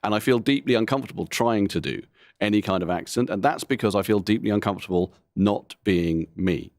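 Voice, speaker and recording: A man's voice: lowish voice, darkish tone, no room sound, studio quality. A middle-aged man, a comedian, talking candidly in an interview, rambling and self-deprecating with frequent asides. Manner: frank, rambling, self-deprecating, quick to laugh. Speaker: comedian guest.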